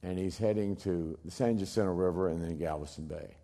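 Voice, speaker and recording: Middle-aged guy telling a story, loud bursts then real quiet bits, very dramatic. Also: a little fast. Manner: emphatic, swings from loud bursts to hushed low lines. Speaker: speaker telling a personal story.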